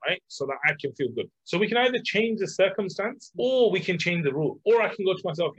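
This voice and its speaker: A middle-aged man, a coach, talking casually about self-love with lots of fillers and lively examples. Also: sits high, fast, few pauses, husky. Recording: dull lo-fi sound.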